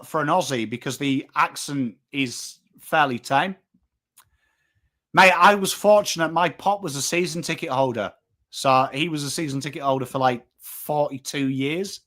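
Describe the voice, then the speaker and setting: A chatty man in his thirties speaks with a northern English accent, his voice sitting a little high with a bright, forward edge. He rambles casually to viewers on a live stream, reading out names from the chat and dropping the odd swear word. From England. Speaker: watchalong host.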